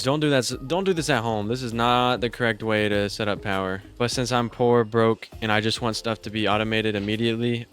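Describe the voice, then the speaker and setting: A young man giving casual gameplay commentary, thinking aloud in an excitable, self-mocking way. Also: lowish voice. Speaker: gaming YouTuber.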